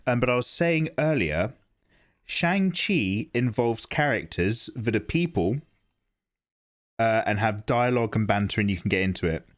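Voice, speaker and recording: A man chats loosely with his livestream audience, rambling from one thought to the next. His pitch moves lively up and down, and he often breaks into laughter. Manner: animated, rambling, laughs into his own impressions. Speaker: livestream art streamer. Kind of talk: casual livestream chat.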